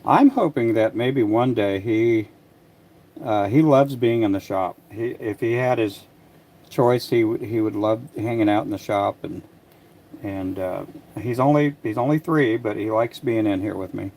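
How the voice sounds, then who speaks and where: An older man making fishing lures in his workshop, chatting casually to a livestream audience in a soft, rambling way with frequent restarts. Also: on the low side, unhurried, slight background noise. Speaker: lure maker livestreaming. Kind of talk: casual livestream chat while working.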